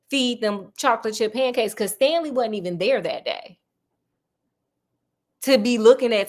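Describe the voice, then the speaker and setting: Animated woman retelling a book. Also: on the high side. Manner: animated, joking asides. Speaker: storyteller.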